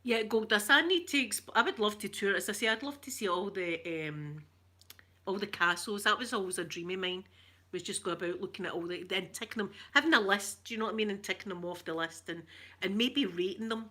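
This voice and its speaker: Bright-voiced chatty Glaswegian woman. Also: medium pitch, animated, fairly quick. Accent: Glaswegian Scottish. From Glasgow, Scotland. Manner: rambling and chatty, laughs often, self-mocking. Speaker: ASMR channel host reading viewer comments. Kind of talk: casual live chat with viewers.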